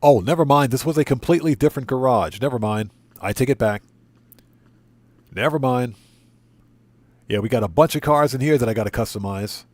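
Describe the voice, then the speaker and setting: A man's voice: medium pitch, a little fast, long pauses, no room sound. A man chatting casually with viewers while streaming a game, greeting them by name and often repeating and correcting himself. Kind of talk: casual livestream chat.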